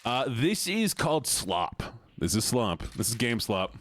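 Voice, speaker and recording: A man's voice: mid-range voice, very animated, unhurried. A young man streaming a game live, chatting casually and playfully, laughing often and yelping at jump scares. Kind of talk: casual live-stream commentary while gaming.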